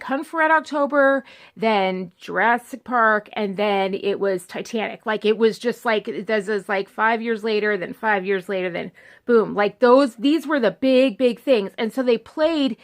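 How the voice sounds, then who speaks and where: A woman's voice: mid-range voice, moderate pace. A woman in her thirties chatting casually about movies she loves on her vlog, rambling and often breaking off and restarting her sentences. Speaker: movie vlogger. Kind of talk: casual chat.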